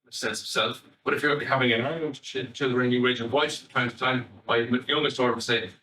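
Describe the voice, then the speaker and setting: A middle-aged Irish man, a family psychotherapist, giving an animated, conversational public talk and swearing casually. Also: medium pitch, fast talker, roomy sound, recorded from a distance, low-quality recording. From Ireland.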